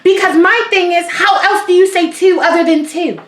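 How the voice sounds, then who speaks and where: A woman's voice: very high-pitched, fairly even intonation, normal speed. A woman in her thirties co-hosting a casual recap podcast, sassy and emphatic. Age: 30s. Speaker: podcast co-host. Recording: roomy echo.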